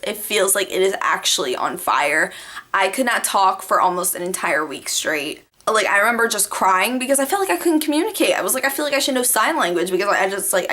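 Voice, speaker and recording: A young woman vlogging casually, telling stories to the camera with lots of "like" fillers and animated asides. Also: medium pitch. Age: young adult. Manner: chatty, animated, many "like" fillers.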